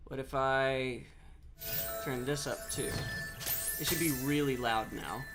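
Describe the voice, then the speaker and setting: A man's voice: mid-range voice, slow, over music. A man on a headset mic giving casual live game-stream commentary, chatty and rambling as he answers chat while he plays.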